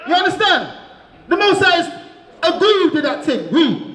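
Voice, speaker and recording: A man preaching to a crowd in the street, shouting and calling on listeners to answer, asking again and again if they understand. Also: very high voice, very animated, moderate pace. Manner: repeats "you understand?". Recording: echoey, crowd noise behind.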